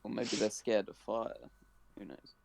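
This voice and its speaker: Male player, gravelly rasp, dry remarks. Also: on the low side, fairly even intonation, a little slow, noisy background. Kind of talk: tabletop game chat.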